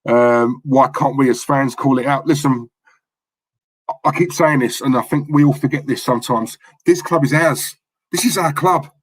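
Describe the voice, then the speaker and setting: A man's voice: medium pitch, normal speed, slightly rough, low-quality recording. A passionate man, co-hosting a live fan stream and ranting from the heart. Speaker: fan channel co-host.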